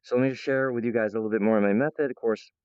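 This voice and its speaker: A man's voice: mid-range voice, steady tone, very fast, a little mellow, smooth, dry recording. Man, casual rambling vlog monologue, playful and meandering, dry close sound, slightly muffled. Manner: meandering, playful, full of restarts and silly voices. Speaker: vlogger. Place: at home, in the kitchen.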